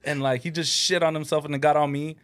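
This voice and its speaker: A man's voice: on the high side, level tone, fast, fairly bright tone. A man telling an anecdote on a casual podcast chat, easygoing and full of likes and ums. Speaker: podcast co-host.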